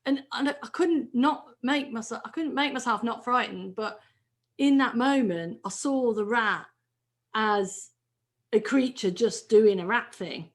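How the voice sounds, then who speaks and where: A woman's voice: on the high side, unhurried. Reflective woman in casual chat. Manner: reflective, with frequent restarts. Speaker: regular discussion member.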